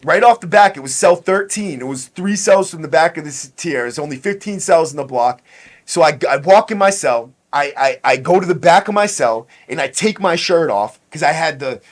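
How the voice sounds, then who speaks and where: A man's voice: a little high, expressive, moderate pace. Blunt, profane man telling a story. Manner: profane, blunt, street slang. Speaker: podcast host. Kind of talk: casual storytelling.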